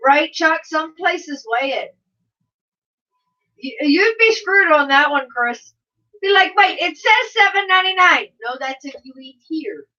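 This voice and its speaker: A woman's voice: high-pitched, lively intonation, slow, pauses often, bright, forceful tone. A woman hosting a casual livestream, chatty and laughing often as she reads viewers' comments aloud. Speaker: livestream host reading chat. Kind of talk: casual chat. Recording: dull sound from a distance.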